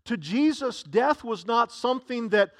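A man's voice: very high-pitched, animated, a little slow, fairly bright tone, no room sound, clean studio sound. A man preaching a sermon as pastor, earnest and given to repeating himself as he builds a point.

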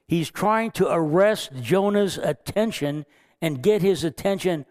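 A man's voice: sits high, unhurried, a little mellow. A man preaching as pastor, earnest, chuckling now and then and acting out quoted lines. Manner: earnest, chuckles often, acts out God's lines. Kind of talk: sermon.

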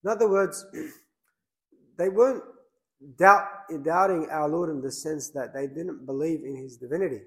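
A man's voice: on the high side, unhurried, fairly bright tone, low-quality recording. A man, a priest, preaching a sermon in a plain conversational way, with many fillers and restarts.

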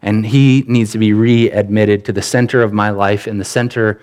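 A man's voice: fairly low pitch, steady tone, normal speed, darkish tone, smooth. A man preaching a sermon as pastor, earnest and conversational, often repeating his phrases as he builds a point.

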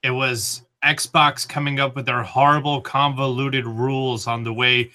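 A man co-hosting a casual gaming chat, giving steady opinions and teasing the others. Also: mid-range voice, a little slow. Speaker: co-host.

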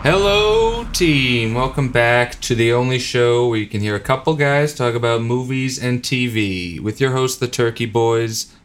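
A man's voice: medium pitch, steady tone, slight background noise. A man co-hosting a casual podcast about movies and TV, joking and laughing often. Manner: jokey, laughs often, quick asides. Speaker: podcast co-host.

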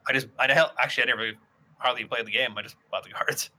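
Bright-voiced rambling man storyteller. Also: medium pitch, steady tone, fast. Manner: rambling storyteller, frequent restarts and swearing. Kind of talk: casual podcast chat.

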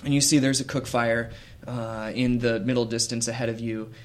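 A man's voice: mid-range voice, flat delivery. A man narrating a tabletop game as game master, with frequent hesitations and fillers. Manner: slow, hesitant, with many fillers.

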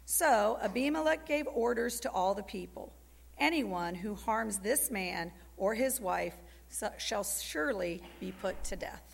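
A woman reading scripture aloud in a steady, measured way. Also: medium pitch. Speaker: scripture reader. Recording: gravelly voice in a long hall reverb.

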